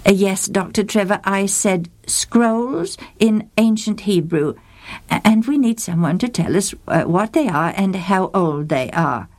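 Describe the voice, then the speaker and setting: A woman's voice: mid-range voice, expressive, unhurried, a little mellow, lightly acted. A woman voicing a polite, flustered male monastery librarian on the phone, hesitant and full of fillers.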